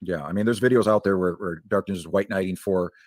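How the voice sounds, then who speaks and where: A man in a casual stream chat, rambling quickly with many restarts. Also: low voice, dry recording, studio quality.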